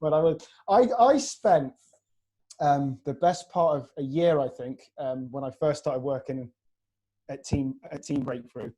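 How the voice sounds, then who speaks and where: A man's voice: medium pitch, measured pace, dark tone. A man chatting casually on a video call podcast, telling stories with plenty of laughs. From Iraq. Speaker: podcast host and fitness coach. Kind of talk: casual chat.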